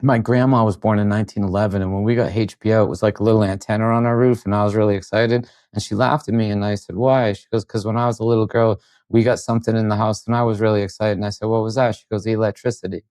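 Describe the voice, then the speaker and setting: A man's voice: on the low side, fast, hardly any pauses, dry recording. A man, a podcast guest, telling stories in casual chat and acting out the quoted lines. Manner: animated storyteller acting out quotes. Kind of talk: casual storytelling.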